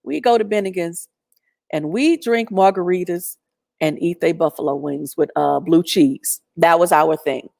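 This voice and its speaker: A woman tells a personal story in a lively, animated way, breaking up her sentences with fillers. Her voice sits on the low side, and the sound is dry and close with no room echo. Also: measured pace, creaky. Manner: animated, laughing, lots of fillers.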